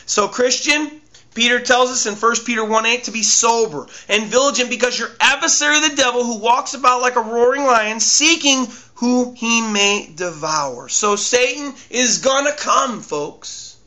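A man's voice: very high voice, normal speed, sharp tone. A male pastor preaching a sermon emphatically and repeating his key phrases.

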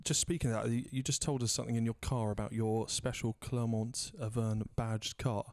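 A man's voice: mid-range voice, steady tone, darkish tone. A man hosting a casual podcast interview, joking and teasing his guest. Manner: jokey, teasing, fast-talking. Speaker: podcast host.

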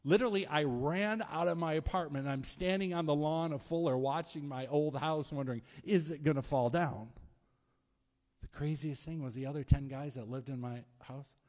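A man's voice: on the high side, brisk, few pauses. Preaching man in a reverberant hall. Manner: storytelling, animated, conversational preaching. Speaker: pastor. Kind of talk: sermon.

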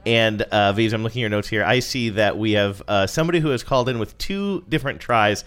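A man's voice: on the low side, a little fast, a bit bright. A man co-hosting a podcast, chatting casually and laughing often as he talks over an ad. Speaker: podcast co-host. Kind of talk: casual chat.

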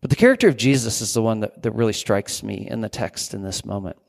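A man's voice: fairly low pitch, fast, vocal fry, long reverb tail. A man preaching a sermon in a conversational way, reading scripture aloud and then reflecting on it. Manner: conversational, with fillers and restarts.

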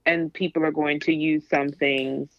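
A woman's voice: low voice, measured pace, no echo. A woman talking bluntly and with energy in a casual podcast chat, laughing now and then as she tells stories. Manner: blunt, animated, laughs while telling stories. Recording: dry, dull lo-fi sound.

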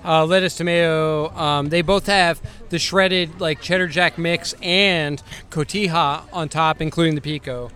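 A man's voice: on the high side, steady tone, measured pace, hardly any pauses, bright, forceful tone. A man hosting a podcast from a restaurant table, chatting casually and rambling with many fillers. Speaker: podcast host. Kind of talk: casual chat.

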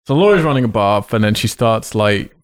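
A man's voice: fairly low pitch, expressive, fairly quick, no room sound. A man recapping a horror movie in casual, profane, sarcastic chat. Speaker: podcast co-host.

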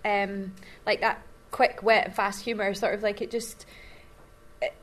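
A woman's voice: medium pitch, level tone, a bit bright. A woman with a Glaswegian accent, an actor chatting in a press interview, laughing often. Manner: laughing, chatty, quick-witted. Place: small room.

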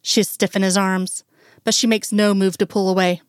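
A woman reading fan fiction aloud in a slow, soft, emotional way. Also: mid-range voice, flat delivery, smooth, no echo, clean studio sound. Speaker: reader.

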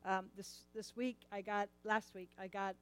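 A middle-aged woman telling a personal story in a sermon, animated and repeating words as she acts out lines. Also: mid-range voice, moderate pace, a little hiss or hum, poor audio.

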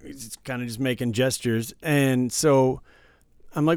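A man's voice: mid-range voice, unhurried, a little mellow, no echo, studio quality. A man chatting casually as a podcast co-host, telling rambling work stories and stammering at times. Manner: rambling storyteller, stammers, says "right" a lot. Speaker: casino dealer, podcast co-host. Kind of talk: casual chat.

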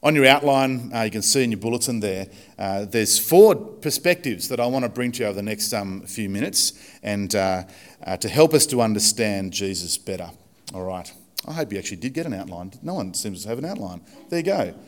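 A man's voice: on the low side, lively intonation, a little fast. A man preaching a casual, chatty sermon in church, self-deprecating, with many fillers and restarts. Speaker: pastor.

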